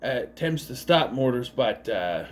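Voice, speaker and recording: A man's voice: medium pitch, lively intonation, a little slow, slight background noise. A man giving a casual, rambling movie recap, laughing at the gags and acting out quoted lines. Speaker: movie reviewer.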